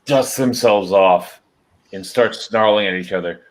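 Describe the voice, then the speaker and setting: A man's voice: fairly low pitch, measured pace. A man narrating as game master of a tabletop game, describing scenes steadily.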